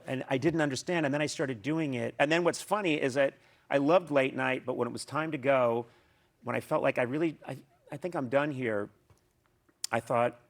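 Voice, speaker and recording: A man's voice: mid-range voice, fairly even intonation, fairly quick, vocal fry. A man telling a story as a talk show guest, acting out the people he mentions. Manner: storytelling with mimicked voices. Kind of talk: animated anecdote telling.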